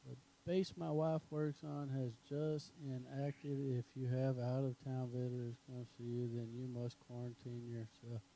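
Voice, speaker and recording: A man's voice: mid-range voice, flat delivery, a little slow, few pauses, mellow, a little hiss or hum, poor audio. A man, co-hosting a podcast in casual chat, rambling and crude in his jokes. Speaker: podcast co-host.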